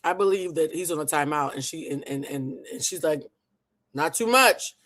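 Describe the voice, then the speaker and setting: High-voiced man hosting a live reaction show. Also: brisk. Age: 30s. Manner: loud, animated, swearing and laughing. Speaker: host.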